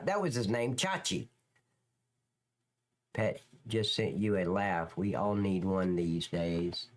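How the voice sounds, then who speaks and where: A man hosting a live stream, chatting loosely and crudely, answering viewers' comments as he goes. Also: medium pitch. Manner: rambling, crude, reads and answers chat. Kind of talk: casual live-stream chat.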